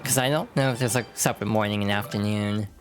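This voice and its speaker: A woman streamer chatting casually while playing, tossing in quick asides. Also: very deep voice, a little hiss or hum. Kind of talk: casual game commentary.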